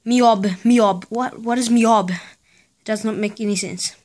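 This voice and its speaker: A woman with a somewhat high voice vlogs in a loose, casual way. She rants with sarcastic exasperation and spells out letters one by one in disbelief. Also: steady tone, slow, darkish tone. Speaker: vlogger. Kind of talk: casual vlog rant.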